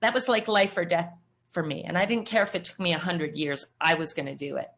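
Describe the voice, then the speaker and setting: A middle-aged woman, a podcast guest, telling her personal story in an animated way and acting out the voices of others. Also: on the low side, brisk. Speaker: guest, former triathlete. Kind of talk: storytelling interview answer.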